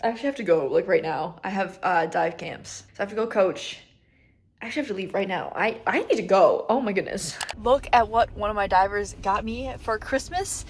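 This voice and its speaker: A woman's voice: medium pitch, brisk. A young woman in her twenties chatting casually in a vlog, rambling and easily moved, recorded in her apartment. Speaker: vlogger and swim diving coach. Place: apartment, indoors. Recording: roomy audio from a camera off at a distance.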